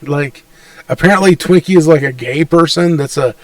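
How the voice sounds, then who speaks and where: A man's voice: fairly high pitch, normal speed, no echo, recorded from a distance. A young man co-hosting a podcast in casual chat, crude and rambling, laughing often. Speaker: podcast co-host.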